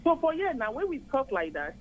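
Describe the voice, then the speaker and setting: A woman's voice: high-pitched, big pitch swings, brisk, darkish tone, lo-fi sound. Older Nigerian woman caller, earnest. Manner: earnest, explains at length in Nigerian Pidgin mixed with English. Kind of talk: call-in radio chat.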